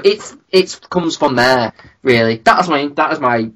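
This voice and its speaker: A man talks through his views on a casual podcast, circling back and repeating words before landing his point. His tone is bright and forceful, and his pitch sits in the middle range. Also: normal speed. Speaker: podcast co-host.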